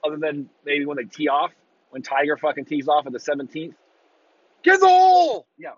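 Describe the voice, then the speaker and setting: A man ranting casually on a podcast, swearing freely and breaking into loud mocking impressions of fans. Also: fairly high pitch, slightly rough, no room sound, muffled recording. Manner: profane, exasperated ranting with mocking shouted impressions. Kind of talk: casual rant.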